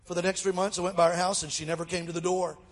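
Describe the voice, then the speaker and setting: A man's voice: high voice, rapid-fire. A middle-aged man from Alabama, telling a funny story in a sermon as a guest speaker and joking with the audience. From Mobile, Alabama, US. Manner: lively, jokes with the audience. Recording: long reverb of a large hall.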